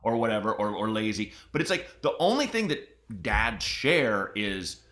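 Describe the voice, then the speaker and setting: A man hosting a comedy podcast, rambling and animated, often breaking into mocking voices. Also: on the low side, moderate pace. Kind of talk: casual podcast chat.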